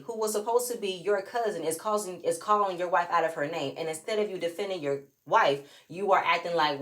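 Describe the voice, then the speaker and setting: A woman talks through a reality show episode in a casual, sassy way. She sits on the lower side of the usual female range, and she keeps slipping into other people's voices to act out what they said. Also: a little fast, hardly any pauses. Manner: animated, sassy, reenacts quotes in shifting voices. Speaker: reality TV recap vlogger. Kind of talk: casual recap commentary.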